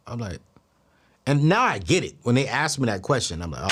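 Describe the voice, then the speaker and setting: A male host telling a story in an animated monologue, acting out both sides of each conversation and jumping up in disbelief. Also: fairly quick, breathy edge. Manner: expressive, acts out both sides of dialogues, voice jumps high in disbelief.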